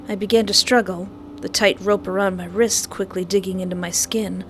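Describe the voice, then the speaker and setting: A woman reading a visual novel aloud in first person, animated and playfully sarcastic, with faint music behind. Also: mid-range voice, normal speed, hardly any pauses. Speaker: visual novel player and narrator.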